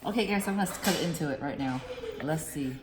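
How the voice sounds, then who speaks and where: A woman's voice: low-pitched, fast, background noise. A woman hosting a casual cooking vlog, chatting to her viewers as she plates and tastes food. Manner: chatty, addresses viewers as guys. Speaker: cooking vlogger.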